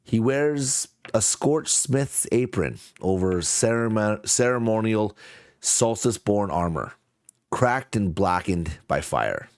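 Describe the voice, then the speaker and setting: A man narrates a tabletop game as game master, pausing often and filling gaps with uhs. He talks very slowly in a fairly low voice. The sound is dry and close. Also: very animated, no echo. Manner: slow, halting, with fillers.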